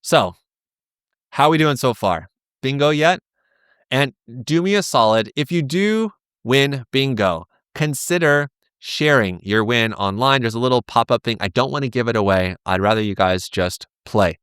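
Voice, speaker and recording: A man's voice: medium pitch, expressive, normal speed, a bit bright, smooth, dry recording. Man, crypto vlog host, casual, rambling, self-deprecating, resonant voice, dry close sound. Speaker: crypto trading channel host. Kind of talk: casual chart-analysis vlog.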